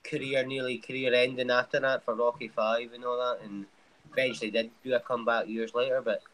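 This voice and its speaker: A man's voice: medium pitch, flat delivery, brisk, a bit bright, poor audio. A man chatting casually on a late-night MMA show, joking and swearing freely while watching fights.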